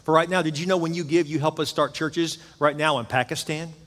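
Fairly high-pitched, steady and a bit bright, this pastor in his fifties speaks fairly quickly while preaching in a church sanctuary. His sermon is emphatic, built on stories with swelling and easing intensity, and long hall reverb fills the recording.

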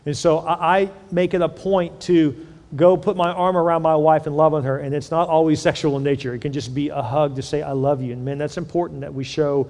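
Pastor preaching in a reverberant hall. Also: male voice, a little high, brisk. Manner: conversational, animated storytelling with repeated words. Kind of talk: sermon. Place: large church hall.

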